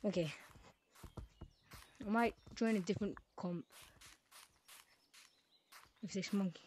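A woman talking her way through a game round in loose, reactive running commentary, mostly muttering to herself at a middle pitch. Faint noise sits under her voice. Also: slow, long pauses, a little mellow. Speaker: gaming creator. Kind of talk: live gameplay commentary.

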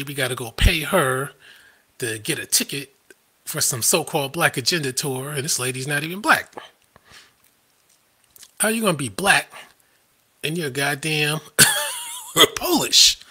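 A man with a husky, bright and edgy voice, pitched a little high for a man. He hosts a live stream, where he rants in a combative, scoffing way and often laughs at his own points. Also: wildly swooping pitch, a little slow, long pauses. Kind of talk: ranting live-stream commentary.

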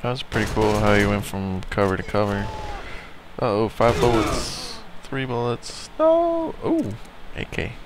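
A man giving casual, excitable commentary while playing a video game, reacting out loud and swearing often. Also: lowish voice, normal speed, noisy background. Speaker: let's play gamer.

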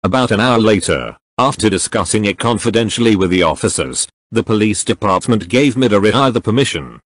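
Man narrating fan fiction, lowish voice, dry close sound. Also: animated, fairly quick, few pauses, dry recording.

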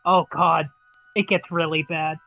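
A lively podcast participant asks the others about films in casual chat. The voice sits at a middle pitch. The recording sounds dull and lo-fi, with a dry sound and no room. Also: measured pace, no echo, faint music behind.

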